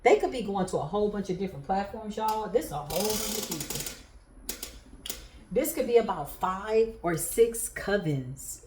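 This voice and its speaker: A woman's voice: medium pitch, lively intonation, moderate pace, darkish tone, echoey room, slight background noise. A woman giving a casual tarot reading on a livestream. She chats to her viewers, laughs often and throws in sassy asides. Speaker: tarot reader.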